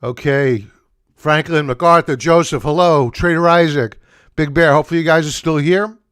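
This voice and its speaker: A man's voice: on the high side, fairly even intonation, moderate pace, fairly bright tone, smooth. A middle-aged man hosts a live stock market stream. He is a bit out of breath, greets viewers by name and talks through market news in a casual way.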